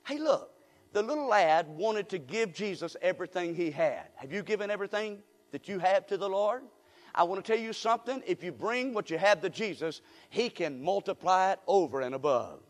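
A male pastor preaching a sermon in a church, with call-and-response and rising shouts. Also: high-pitched, in a large hall. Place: church sanctuary.

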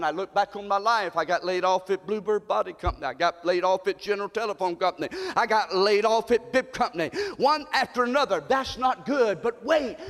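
Brief: middle-aged American male preacher, very high voice, surging from hushed to shouting, long church reverb. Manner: swings from low murmurs to high shouted cries. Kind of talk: sermon.

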